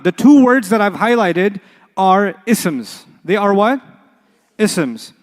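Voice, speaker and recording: A man teaching an Arabic class to a live audience, playful, often repeating sounds and quizzing the room. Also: high-pitched. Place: lecture hall with a live class. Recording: lecture hall reverb.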